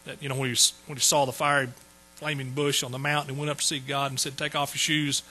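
A man's voice: mid-range voice, flat delivery, quick pace, sharp tone, a little hiss or hum, rough recording. A man preaching a sermon in a folksy, joking way. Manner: folksy, joking asides to the congregation. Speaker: pastor.

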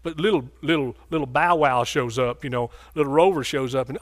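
A man's voice: mid-range voice, fairly quick, hardly any pauses. A man preaching a sermon in a folksy, joking way.

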